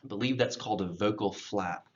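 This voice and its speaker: A patient male teacher runs a pronunciation lesson, saying each word slowly and then repeating it several times. His voice sits on the lower side, and the recording sounds slightly dull and lo-fi. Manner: patient, drills words slowly and repeats them.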